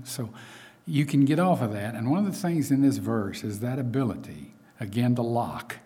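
A man's voice: mid-range voice, animated, moderate pace, warm tone. Man preaching a chatty sermon. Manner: conversational, with frequent fillers and asides.

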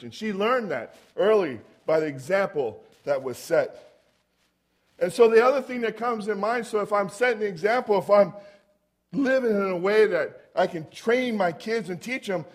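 A man with a notably high voice preaching in a relaxed, conversational way. He tells stories and keeps turning to the congregation with rhetorical questions. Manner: storytelling, asks the audience rhetorical questions. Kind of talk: conversational sermon.

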